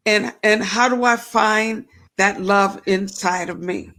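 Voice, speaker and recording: A woman's voice: medium pitch, slow pace, pushed and bright. A woman hosting a faith-based talk show, reflecting aloud and asking herself questions. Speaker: show host.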